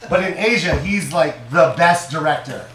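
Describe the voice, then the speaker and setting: A man hosting a comedy podcast with a hoarse, worn voice, talking loudly and animatedly as he jokes and teases. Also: a little high, normal speed, slight background noise. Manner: loud, animated joking and teasing. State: hoarse from losing his voice. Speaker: podcast host. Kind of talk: comedic casual chat. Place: indoor room, on camera. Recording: echoey room.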